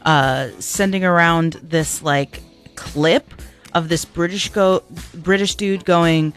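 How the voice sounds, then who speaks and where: Chatty, animated female radio host. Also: lowish voice, slow pace, faint music behind. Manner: chatty and animated, with lots of fillers. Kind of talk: casual on-air banter. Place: radio studio.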